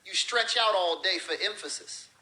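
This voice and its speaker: A man's voice: high voice, moderate pace, bright, forceful tone, low-quality recording. A man lecturing as a religious teacher, explaining terms with everyday examples and acted-out phrases.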